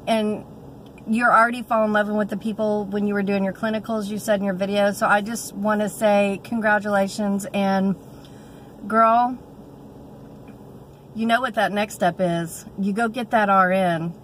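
A woman's voice: medium pitch, steady tone, normal speed, a little hiss or hum, poor audio. Chatty woman vlogging. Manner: chatty and warm-hearted, fillers and restarts. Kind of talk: casual chat vlog.

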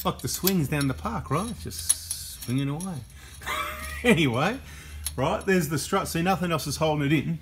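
A man's voice: a little high, lively intonation, normal speed, background noise. An Australian man hosting a vehicle workshop video, talking through the job in a chatty, joking way. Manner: chatty and joking, keeps checking in with "right?" and "mate". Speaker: mechanic and workshop host. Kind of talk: casual workshop commentary.

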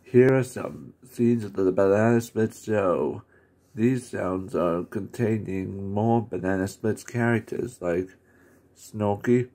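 A man casually narrating and describing a fan video, with halting phrasing that breaks off and restarts. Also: fairly low pitch, mellow.

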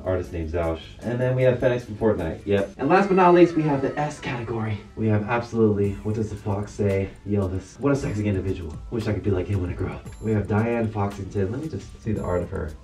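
A man's voice: lowish voice, lively intonation, a little fast, hardly any pauses, a little mellow, distant mic, soft background music. A young man giving a casual, joking tier-list commentary as a YouTuber, playful and self-mocking.

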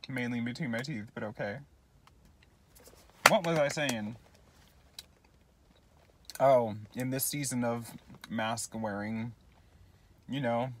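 A young vlogger at medium pitch speaks slowly and pauses often, against a noisy background. Addressing his phone camera casually, he wanders off on tangents, makes fun of himself, and says sorry frequently.

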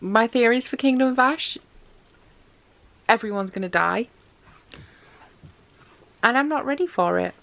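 A woman's voice: on the high side, lively intonation, measured pace, creaky, long pauses, highs cut off. A young woman chatting casually in a book diary, gushing about what she reads and saying "like" a lot. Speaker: book vlogger.

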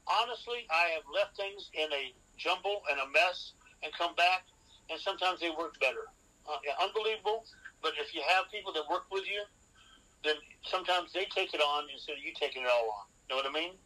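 A man with a bright, forceful voice pitched a bit high for a man teaches real estate on a podcast. He works through numbered rules and keeps asking his listener whether he follows. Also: brisk, low-quality recording. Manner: instructive, lays out numbered rules and checks in with "okay?". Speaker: real estate expert guest. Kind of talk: podcast interview, seminar-style advice.

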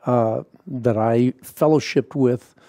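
A man hosting a podcast interview, speaking in a measured way with hesitant fillers. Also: medium pitch, mellow, dry recording, studio quality. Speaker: podcast host. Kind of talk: conversational interview.

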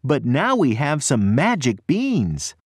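A man voicing a poor, eager young farm boy in a slow storybook reading. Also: medium pitch, wildly swooping pitch, slightly rough, no echo, clean studio sound, pitched above the performer's own voice, full character voice.

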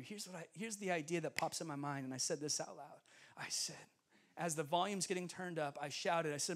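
A man preaching as a guest speaker in a church, telling a story with lively acted-out dialogue. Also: a little high, brisk, vocal fry. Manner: animated, acts out dialogue, laughs often. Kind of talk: storytelling sermon. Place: church sanctuary.

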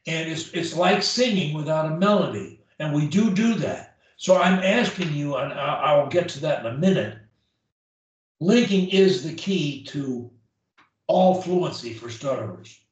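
A man's voice: on the high side, animated, a little slow, highs cut off. A man coaching a client one-on-one through speech drills, emphatic and demonstrating each drill aloud. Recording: very echoey room, mic at a distance.

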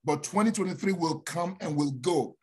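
A man's voice: a little high, normal speed, slightly rough. A man with a Nigerian accent, a pastor giving a fervent, emphatic prophetic sermon. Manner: fervent, emphatic preaching with rising declarations.

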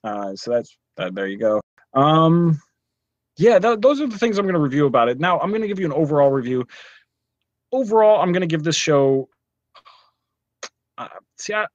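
Man, casual podcast reviewer, rambly with many fillers, animated pitch, dry close sound. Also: moderate pace, long pauses, no room sound, dull audio. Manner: rambling, lots of fillers and restarts. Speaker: podcast co-host reviewing a show.

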